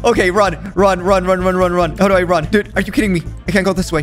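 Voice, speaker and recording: A young gaming YouTuber gives frantic, jokey gameplay commentary, often panicking and pleading as he plays. His voice is high-pitched with fairly even intonation, a little fast, with soft music behind it.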